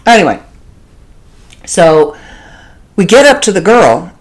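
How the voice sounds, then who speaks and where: A woman from Canada hosting a podcast from her home studio, telling a story in a casual, animated way and laughing often. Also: on the low side, slow pace. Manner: animated, laughs often, acts out quoted voices. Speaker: podcast host.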